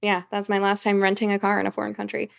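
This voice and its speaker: A woman's voice: mid-range voice, completely flat delivery, fast, gravelly. A woman, a podcast guest, telling a vivid story in casual conversation. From United States.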